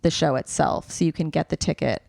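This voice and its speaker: A woman's voice: deep voice, fairly even intonation, fairly quick, creaky, a little mellow, dry recording. A young woman from the United States co-hosting a podcast, chatting casually and bubbly with frequent laughs. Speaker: podcast co-host. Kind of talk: casual chat.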